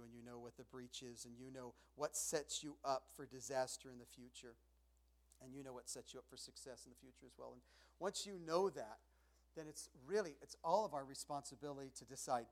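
A middle-aged man preaching as a pastor, talking to his church in a conversational way that swings from loud to hushed. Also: medium pitch. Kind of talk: sermon.

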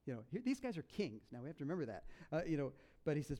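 A man preaching a sermon, telling a story in a lively, jokey way and slipping into voices for the characters. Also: fairly high pitch, racing. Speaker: pastor.

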